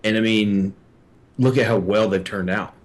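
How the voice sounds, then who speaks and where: Low-voiced male guest from Texas, loose and rambling. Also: steady tone, moderate pace. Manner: rambling, crude, many "like" fillers. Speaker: podcast guest. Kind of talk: casual podcast chat.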